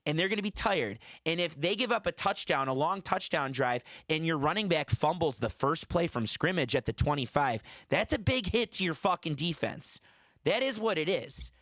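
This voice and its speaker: Male podcast co-host, somewhat high voice, argues point by point, dry room. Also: lively intonation, moderate pace, fairly bright tone, no echo. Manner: argumentative, builds his case point by point. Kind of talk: casual sports debate.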